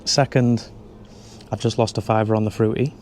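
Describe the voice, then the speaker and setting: A man's voice: lowish voice, steady tone, normal speed, darkish tone, slight background noise. A man vlogging casually on a handheld camera, reviewing pubs with dry jokes. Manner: dry, joking pub reviews. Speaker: travel vlogger. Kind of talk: casual vlog chat. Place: pubs and streets, in and out of doors.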